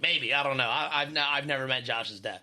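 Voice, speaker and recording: A man's voice: medium pitch, fairly quick, pushed and bright. A man with a Midwestern accent, co-hosting a podcast and trading blunt, sweary remarks. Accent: Midwestern American. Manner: blunt, sweary back-and-forth. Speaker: podcast co-host. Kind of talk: casual chat.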